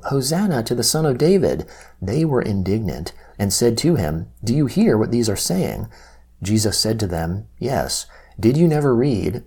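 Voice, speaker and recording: A man reading Bible passages aloud in a steady, measured way, with quoted lines lifted slightly. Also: fairly low pitch, husky. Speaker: Bible reader.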